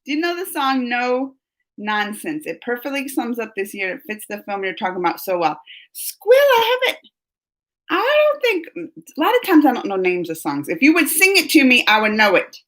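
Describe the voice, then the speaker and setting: A woman's voice: on the high side, moderate pace. A middle-aged woman hosting a casual live stream, chatting with viewers and telling stories with frequent laughs. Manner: chatty, animated storytelling with laughs. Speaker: live-stream host reading chat.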